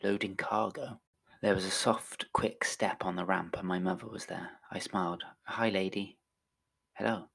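A man narrating a science-fiction story aloud, with a soft, intimate delivery that drops to a whisper at times. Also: low-pitched, steady tone, normal speed, gravelly, breathy edge.

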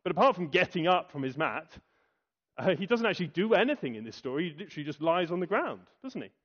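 A man preaching a sermon, asking rhetorical questions and pausing for effect. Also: a little high, sing-song, fairly bright tone, husky. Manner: rhetorical questions, dramatic pauses and acted quotes. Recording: dull lo-fi recording.

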